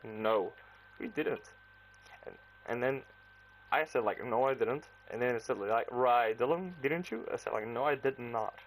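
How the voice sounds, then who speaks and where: A man's voice: mid-range voice, a little hiss or hum, poor audio. Rambling man with an Antwerp accent. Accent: Antwerp Flemish. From Belgium, Antwerp. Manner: rambling, full of "like" and quoted dialogue. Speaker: vlogger. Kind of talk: casual storytime.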